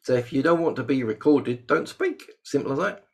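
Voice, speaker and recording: A man hosting a webinar over a video call, chatty and joking, with sudden bursts of excitement. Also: medium pitch, brisk, creaky. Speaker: host. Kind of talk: casual webinar chat.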